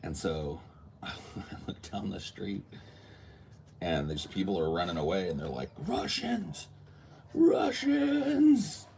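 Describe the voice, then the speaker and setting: Deep-voiced man telling a story casually. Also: measured pace, creaky, slight background noise. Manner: animated, acts out quotes, swears freely. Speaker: podcast host.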